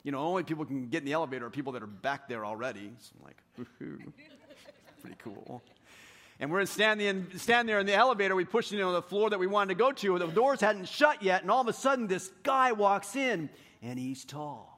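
A man preaching a sermon, telling stories in an animated, self-deprecating way and swinging between hushed and loud delivery. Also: sits high, fast. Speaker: pastor. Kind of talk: sermon with storytelling.

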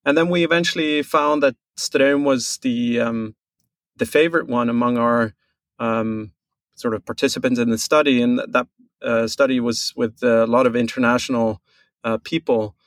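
A man from Norway with a Norwegian accent, a guest on a podcast who explains things in a measured way with many pauses and restarts. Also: medium pitch, fairly even intonation, no room sound. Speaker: guest, brand co-founder. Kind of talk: casual podcast interview.

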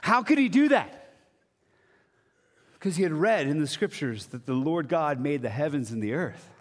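Animated male pastor preaching in a hall. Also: a little high, normal speed. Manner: conversational and animated, with sudden drops to a quiet voice. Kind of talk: sermon.

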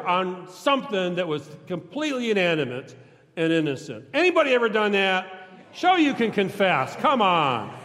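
A male pastor preaching a sermon in a large church, talking conversationally and joking with the congregation, sometimes breaking into shouts. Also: high-pitched, sing-song, moderate pace. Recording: long church reverb.

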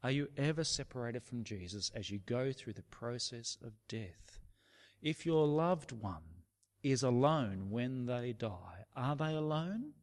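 A man preaching a sermon, slow and emphatic, sometimes dropping his voice to a near whisper for effect. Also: medium pitch, lively intonation. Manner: slow, emphatic preaching with dramatic drops to a hush. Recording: long reverb of a large hall.

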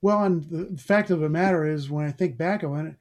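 Older man, high voice, mellow tone, halting speech, casual interview guest. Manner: halting, many restarts and fillers. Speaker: guest, airline pilot.

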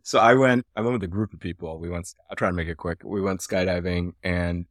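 A man's voice: sits low, steady tone, brisk, no room sound, clean studio sound. A man guesting on a podcast, telling a rambling, self-deprecating story over a remote call. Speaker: guest, company founder. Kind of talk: casual podcast interview.

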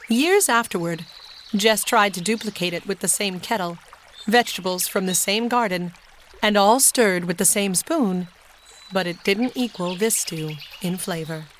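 A woman narrating a children's storybook in a clear, steady manner. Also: medium pitch, measured pace, slight background noise. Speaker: audiobook narrator.

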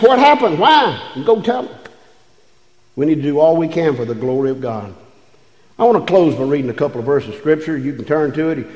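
A man's voice: fairly high pitch, dark tone. Male pastor, folksy-to-fervent sermon, roomy sanctuary sound. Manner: folksy, rising to fervent preaching with drawn-out phrases. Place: church sanctuary. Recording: echoey church hall.

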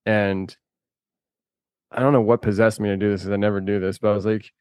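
A man's voice: lowish voice, level tone, brisk, a little mellow, clear, resonant tone, dry recording. A man talking as a guest on a podcast, rambling and chatty, laughing often and restarting his sentences. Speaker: podcast host and filmmaker guest. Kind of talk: casual conversation.

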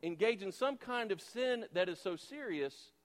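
A pastor with a high voice delivers an animated sermon at normal speed in a church sanctuary, where the large hall gives a long reverb. He preaches emphatically, posing rhetorical questions and swinging between loud and hushed.

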